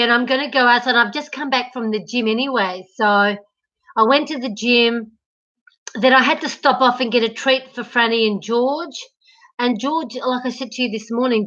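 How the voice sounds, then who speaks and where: A woman's voice, on the high side, bright and forceful, carries over dull-sounding audio. She's a livestream host chatting casually with viewers at home, walking between rooms and talking right into her laptop mic.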